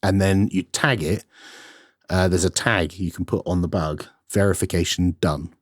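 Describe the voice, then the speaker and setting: A man with a very low voice talks through tech questions on a podcast in an easygoing, matter-of-fact way, filling pauses with ums and uhs. The sound is dry and close. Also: fairly even intonation, dry recording. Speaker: podcast co-host. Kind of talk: casual tech podcast chat, reading listener mail.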